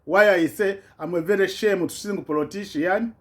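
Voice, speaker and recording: A man's voice: sits high, normal speed. Indignant man ranting in broken English. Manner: broken non-native English, repetitive, indignant. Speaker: vlogger. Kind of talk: impassioned political rant.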